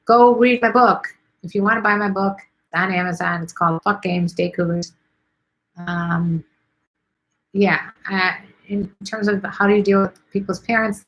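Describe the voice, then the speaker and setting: A middle-aged woman from Chicago, hosting a casual livestream and answering viewer questions in a chatty, blunt way with many fillers, her voice going hoarse. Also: lowish voice, a bit bright, low-quality recording. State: losing her voice.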